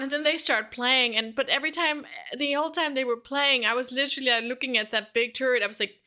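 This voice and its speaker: A woman co-hosting a casual podcast, excitedly telling stories about playing a game and laughing often. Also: sits high. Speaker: podcast co-host.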